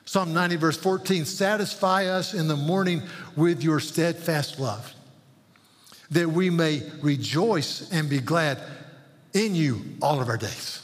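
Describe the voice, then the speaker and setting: Pastor guy preaching, kinda high voice, earnest and pleading, big church echo. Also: unhurried. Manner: earnest, pleading, repeats words when stirred. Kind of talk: sermon. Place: church sanctuary. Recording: long hall reverb.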